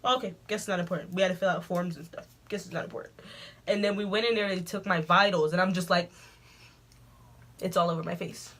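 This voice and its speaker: A woman vlogger telling a storytime in an animated, dramatic way, full of asides. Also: fairly low pitch, fast talker. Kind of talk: storytime vlog.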